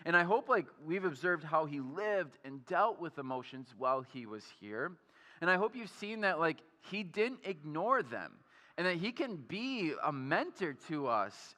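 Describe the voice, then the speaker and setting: Young guy pastor preaching, chatty and pumped, lots of ums and questions, bright punchy voice, echoey church hall. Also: fairly high pitch. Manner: energetic and conversational, with many fillers and questions to the audience. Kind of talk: sermon. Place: church auditorium.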